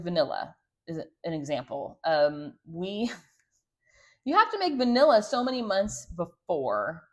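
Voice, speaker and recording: Chatty woman with a lowish voice. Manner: rambling, chatty, many fillers and asides. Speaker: homestead vlogger. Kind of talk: casual how-to chat.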